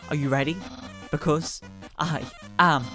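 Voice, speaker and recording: A woman voicing a loud, boastful male skeleton with bombastic, shouted proclamations while reading game dialogue in a let's play, music playing behind her. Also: low-pitched, steady tone, measured pace. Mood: grandiose.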